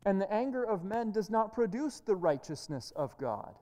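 Mellow-voiced woman preaching in an echoing hall. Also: medium pitch, big pitch swings, moderate pace. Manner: earnest, with frequent word repeats and restarts. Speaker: pastor. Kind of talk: sermon. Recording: echoey hall reverb.

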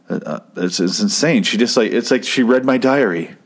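Rambling, profane man with a lowish voice. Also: a little fast. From Arizona, US. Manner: rambling, profane, deadpan joking. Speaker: podcast host reviewing an episode. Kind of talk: casual chat.

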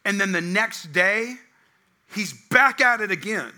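A young man preaching a sermon, telling a personal story and swinging between loud acted quotes and hushed tones. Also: high-pitched, animated, unhurried. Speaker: pastor.

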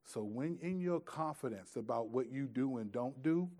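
A man preaching a sermon in a conversational way, swinging from loud, pressing emphasis to hushed, quiet asides. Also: medium pitch, animated, normal speed. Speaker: pastor.

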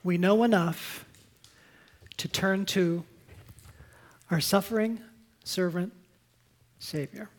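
Woman pastor, sermon delivery, unhurried pace, earnest and emphatic, softening for stories. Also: on the low side. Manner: earnest, emphatic preaching that drops to soft, quiet storytelling.

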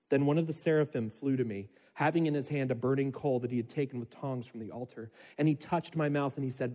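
Husky-voiced pastor preaching in a hall. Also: male voice, fairly high pitch, lively intonation, fairly quick, warm tone. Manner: conversational, checks in with listeners; reads scripture aloud with rising intensity. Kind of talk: sermon. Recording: long reverb of a large hall.

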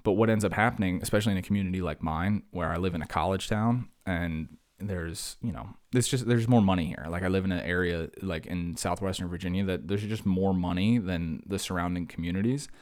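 Young male podcast host, lowish voice, chatty solo monologue, rambling and self-deprecating. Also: a little fast, hardly any pauses. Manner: rambling, animated, self-mocking.

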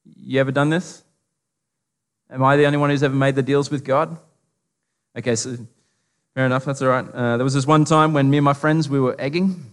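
A man's voice: medium pitch, steady tone, brisk, long pauses. A man with an Australian accent preaching a casual, humorous sermon, full of stories and asides. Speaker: pastor. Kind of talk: conversational sermon. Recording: long reverb of a large hall.

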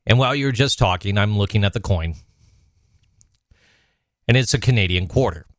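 A man's voice: medium pitch, dry recording, studio quality. Easygoing man telling a story. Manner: easygoing, relaxed storytelling, reads news aloud. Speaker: podcast co-host. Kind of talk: casual chat, storytelling.

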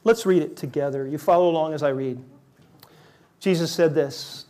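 Emphatic pastor, conversational sermon. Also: male voice, a little high, normal speed, mellow. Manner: conversational, emphatic preaching with repeated words.

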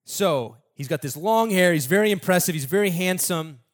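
A man's voice: sits high, expressive, moderate pace. A man preaching a sermon in a casual, conversational storytelling way, acting out the people in the story.

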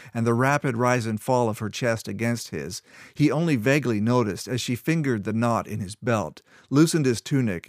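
Guy narrating a fantasy story, even measured read, middle pitch, dry close mic. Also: no echo. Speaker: audiobook narrator. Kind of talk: scripted narration.

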